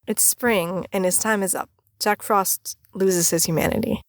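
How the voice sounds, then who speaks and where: A woman reviewing old holiday films in a comedic voice-over, animated and dramatic, breaking into shrieking outbursts. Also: medium pitch, measured pace, no echo, studio quality.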